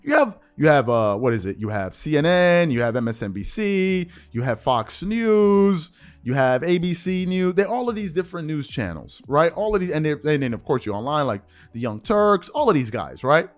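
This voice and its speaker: High, lively man ranting exasperatedly. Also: normal speed. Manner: animated, exasperated rhetorical questioning. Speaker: sports show host. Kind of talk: opinion monologue.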